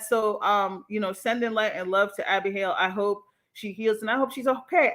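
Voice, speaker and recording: A young woman hosts a casual livestream from her home mic. Her voice sits a little high and rings bright and sharp. She talks in an animated, emphatic way and swears freely. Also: moderate pace. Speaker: livestream host.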